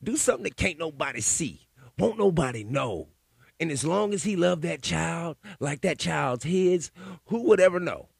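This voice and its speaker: A man's voice: fairly high pitch, expressive, moderate pace, gravelly, slightly rough, no echo, clean studio sound. A man hosting a solo podcast, telling stories and giving opinions in a rambling, profane, casual way. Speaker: podcast host.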